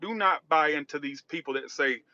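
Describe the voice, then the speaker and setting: A man's voice: fairly high pitch, moderate pace, bright, forceful tone, dull audio. A man chatting casually on a livestream while driving, rambling and reacting to chat. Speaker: tarot reader livestreaming. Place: in a car driving.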